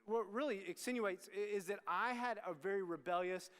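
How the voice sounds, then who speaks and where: A middle-aged man from Texas gives a youth sermon in a candid, conversational way, often restarting his sentences and turning to the crowd. His voice sits high for a man. It rings out with the long reverb of a big worship hall. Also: fairly quick, fairly bright tone, clean tone. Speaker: student ministry pastor.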